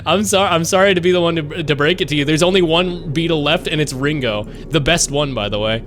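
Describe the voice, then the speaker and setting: A man's voice: a little high, a little fast, a bit bright, slight background noise. A young man streaming games, rambling and joking casually as he talks to his chat. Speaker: game streamer.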